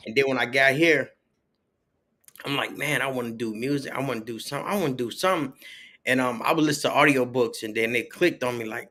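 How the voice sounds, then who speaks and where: A man's voice: mid-range voice, brisk, fairly bright tone. A man talking casually as a podcast guest, telling stories with plenty of slang and acting out the voices he quotes. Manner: storytelling, acts out quoted voices, loose slang. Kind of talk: casual conversation.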